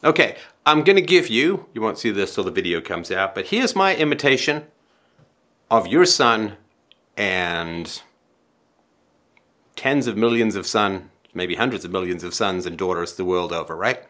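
A man hosting a call-in advice show, talking in an animated, dramatic way and acting out scenes to make his point. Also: lowish voice, normal speed. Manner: animated, dramatic, acts out scenarios.

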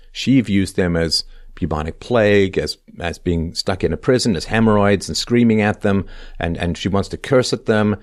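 A man's voice: sits low, fairly quick. A man hosting a talk show, reading a text aloud and tearing into it in a sarcastic, lecturing way, often tossing in "right?". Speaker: podcast host.

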